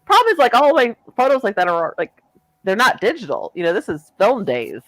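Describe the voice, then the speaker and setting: A woman's voice: medium pitch, huge pitch swings, fairly quick, no room sound, low-quality recording. A middle-aged woman co-hosting a podcast, telling an enthusiastic story in casual chat. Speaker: podcast co-host.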